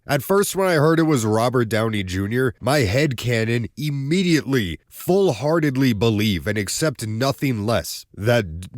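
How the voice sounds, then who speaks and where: A man hosting his own video, giving casual, animated commentary on a movie trailer and talking straight to his viewers. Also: medium pitch, dry recording, clean studio sound. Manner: animated, ranting, addresses viewers as folks. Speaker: video host.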